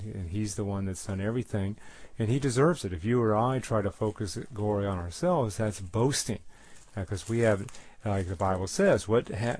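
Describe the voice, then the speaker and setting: A man's voice: fairly low pitch, darkish tone, no echo. A man preaching a bible study sermon, reading verses aloud with stressed words and adding plain explanations with fillers.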